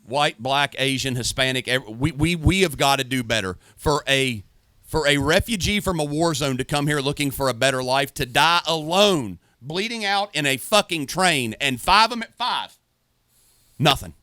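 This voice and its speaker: A man co-hosts a podcast in forceful, preachy, profane talk. His voice is bright and a little high. The recording is dry and close. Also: expressive, normal speed, no room sound. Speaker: podcast co-host. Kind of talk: heated casual talk.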